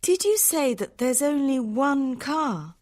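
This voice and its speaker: A man's voice: very high-pitched, expressive, slow, darkish tone, voice pushed up, heavily acted. A man reading a story aloud, voicing an anxious young woman traveller who pleads urgently.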